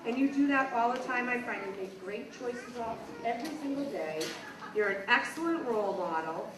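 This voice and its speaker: A woman's voice: on the high side, animated, normal speed. A woman teacher praising young students one by one at a school assembly. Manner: warm praising, addressing young children. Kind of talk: award presentation at a school assembly. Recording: echoey hall, distant mic, crowd noise.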